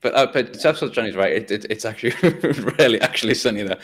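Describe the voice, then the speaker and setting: A man's voice: fairly low pitch, expressive, quick pace, a bit bright. A man from the North East of England with a coastal Tyneside accent, chatting casually on a podcast and often restarting his sentences. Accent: North East English, Tyneside coast. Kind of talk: casual chat.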